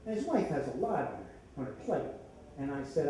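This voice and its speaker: An older man from the Philadelphia area telling a true story on stage at a story slam, conversational and wry with deadpan punchlines. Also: mid-range voice, fairly quick. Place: stage in an echoey hall with an audience. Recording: echoey hall, distant mic, faint noise.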